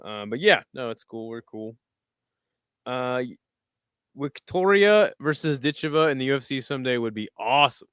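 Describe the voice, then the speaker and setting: Brief: young male streamer, lively pitch, smooth clear voice, dry close sound, excitable play-by-play with chat asides. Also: normal speed, no echo. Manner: excitable, shouts and whoops at big moments, chatty asides to chat. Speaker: streamer giving live fight commentary. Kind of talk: casual live-stream commentary.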